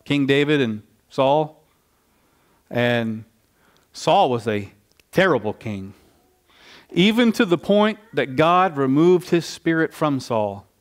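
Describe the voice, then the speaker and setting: A male pastor preaching a sermon in a conversational, animated storytelling way, often restarting his phrases. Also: fairly high pitch, takes it slowly, pauses often.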